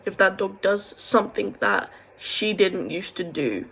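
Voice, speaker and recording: A woman's voice: mid-range voice, very animated, unhurried, vocal fry, a bit bright, husky, rough recording. A young woman talks in an emotional confessional vlog, rambling and heartfelt, and at times bursts into angry rants. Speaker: vlogger.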